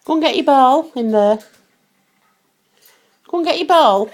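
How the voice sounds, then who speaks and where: High sing-song British woman coaxing a pet. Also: expressive, a little slow. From United Kingdom. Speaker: pet owner. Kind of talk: talking to a pet parrot.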